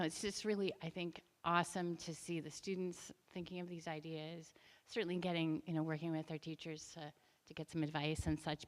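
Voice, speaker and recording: A woman reporting to a school board meeting in an enthusiastic, chatty way with many fillers. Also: low voice. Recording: echoey meeting hall.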